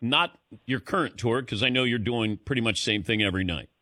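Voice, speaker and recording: A male interviewer with a bright, forward tone keeps the chat playful and laughs easily. His voice sounds dry and close. He asks easygoing questions about comedy and work. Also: medium pitch, a little fast, dry recording.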